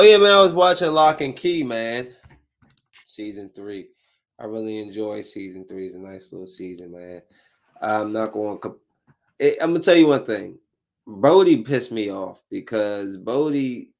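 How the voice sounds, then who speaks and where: A man in his thirties hosts a casual solo podcast with a lowish voice, talking loosely and ranting with growing animation when something annoys him.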